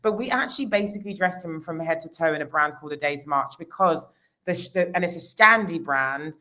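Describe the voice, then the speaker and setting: A woman's voice: low-pitched, lively intonation, brisk, pushed and bright. A woman, a costume designer talking casually in an interview, with many restarts. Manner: chatty, many restarts and fillers.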